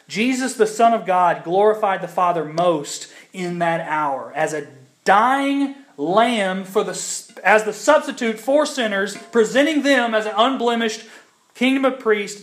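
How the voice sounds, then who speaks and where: A man's voice: high-pitched, a bit bright. A young pastor from the United States delivers a sermon in a raised, light voice. He talks conversationally, stumbling over restarts and fillers, then pushes harder as his points build. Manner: conversational, with frequent ums and restarts; builds in intensity at key points.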